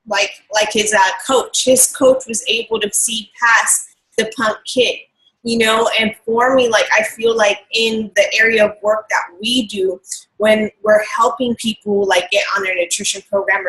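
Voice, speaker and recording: A woman co-host reflects in casual chat, speaking at an ordinary pitch. She sounds earnest and thoughtful. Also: a bit bright, low-quality recording. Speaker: show co-host.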